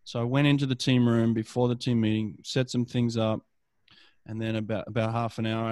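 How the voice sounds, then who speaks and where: A middle-aged swim coach tells stories in casual conversation, often restarting his phrases. He has a fairly low voice, recorded without echo.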